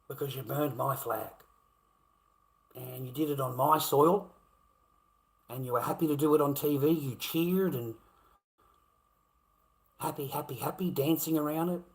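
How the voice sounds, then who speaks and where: An Australian man ranting on a livestream, swearing constantly and swinging between low muttering and loud outbursts. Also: vocal fry, poor audio. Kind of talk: profane livestream rant.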